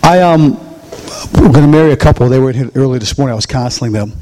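A man preaching a chatty, conversational sermon as pastor in a church, swinging into high voices for quotes and asides. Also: quick pace, slight background noise. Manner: animated, chatty, jumps to high voice for quotes and jokes. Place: church sanctuary.

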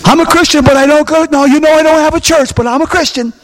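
A whiny, apologetic church-skipper pleading their case in a squeaky, raised voice, as a preacher mimics them. The tone is sheepish and self-excusing. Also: male voice, fairly even intonation, fast talker.

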